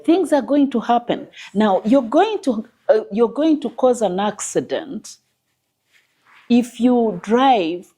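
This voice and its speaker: A woman speaks as a counseling psychologist in a panel discussion, emphatic and teacherly, with a warm, mellow tone. Her pitch swings widely as she stresses and repeats her points, and she often quotes scripture. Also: big pitch swings, slow pace, husky. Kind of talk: panel discussion on faith and marriage.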